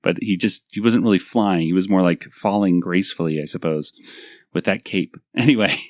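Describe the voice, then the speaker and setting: A deep-voiced man hosts a podcast, reviewing a cartoon episode at a brisk clip. He rambles casually, stuffs his talk with fillers, and laughs easily. The sound is clean studio audio with no room sound.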